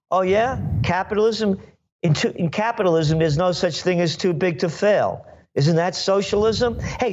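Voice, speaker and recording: Emphatic sarcastic man on a dull line. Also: on the high side. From New York. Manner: emphatic and sarcastic, mocking voices. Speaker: guest forecaster. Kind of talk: opinionated podcast interview.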